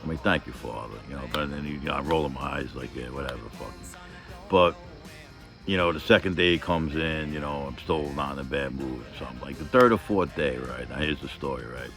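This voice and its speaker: Very deep-voiced man telling a story. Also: fast, hardly any pauses, music in the background. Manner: rambling, profane, heavy with filler phrases; earnest, emphatic. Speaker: vlogger. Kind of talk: casual personal storytelling.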